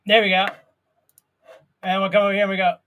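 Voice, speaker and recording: A man's voice: high-pitched, completely flat delivery, fast, muffled recording. A man co-hosting a live stream, chatting in a playful, rambling, jokey way. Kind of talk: casual comedic chat.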